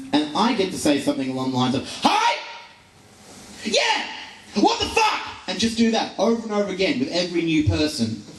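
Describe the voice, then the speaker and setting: A young man doing a live stand-up set, rambling and self-deprecating with lots of fillers and restarts. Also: fairly high pitch. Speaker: stand-up comedian. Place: live comedy venue. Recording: roomy live venue recording from far off.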